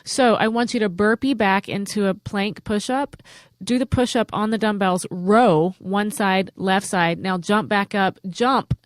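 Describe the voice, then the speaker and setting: A woman's voice: mid-range voice, measured pace, no room sound. A woman co-hosting a comedy podcast, chatty and wry as she reads out news items. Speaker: podcast co-host. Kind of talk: casual comedic banter. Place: podcast studio.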